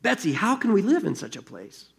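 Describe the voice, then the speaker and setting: A man with a gravelly voice reading the lines of a frightened young woman prisoner in a story, anxious and pleading. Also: high voice, huge pitch swings, fairly quick, pitched above the performer's own voice, exaggerated voice. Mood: distressed.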